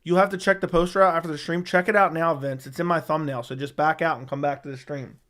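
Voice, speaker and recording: A man's voice: on the high side, fairly even intonation, fast, a bit bright. A man hosting a casual livestream, reading viewer comments and answering bluntly, often swearing and repeating himself. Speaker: MMA livestream host. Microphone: studio dynamic microphone.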